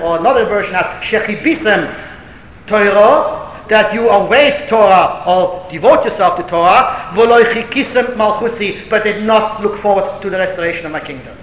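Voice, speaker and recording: High-voiced man lecturing in an echoey hall. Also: moderate pace, fairly bright tone. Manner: storytelling, rising to emphatic declamation; mixes Hebrew and Yiddish terms. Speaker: rabbi answering a question. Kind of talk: Torah lecture. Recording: echoey hall with faint rumble.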